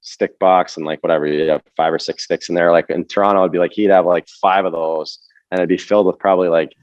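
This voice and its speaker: A man speaking as a guest on a podcast over a video call, relaxed and chatty with lots of filler words. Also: deep voice, fast, no room sound, lo-fi sound. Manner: relaxed, lots of "like" and "yeah", laughs along. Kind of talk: casual interview chat.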